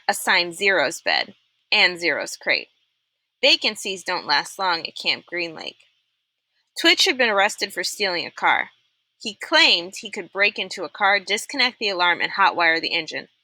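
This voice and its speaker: Young woman reading a kids' novel out loud, super bright voice, lively, does the character voices. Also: on the low side, moderate pace, no room sound. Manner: expressive, animated reading that puts on voices. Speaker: storyteller reading a chapter book aloud. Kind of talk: read-aloud of a children's novel.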